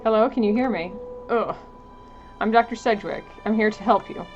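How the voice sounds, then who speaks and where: Woman reading a calm frontier doctor, measured bedside manner, slightly muffled, faint music. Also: medium pitch, natural voice.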